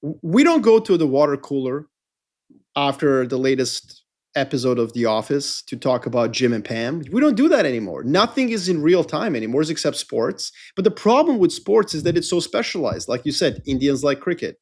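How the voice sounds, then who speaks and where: A man's voice: fairly high pitch, big pitch swings, normal speed, darkish tone. A middle-aged man co-hosting a podcast in a casual, rambling, jokey chat. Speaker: podcast co-host.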